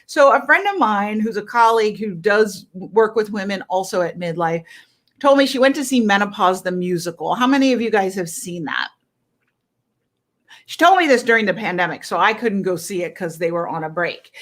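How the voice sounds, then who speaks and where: Her voice sits at a medium pitch with a touch of brightness. She's a middle-aged health coach speaking to a live-stream audience, pressing her points persuasively and emphatically and often tacking on "right?".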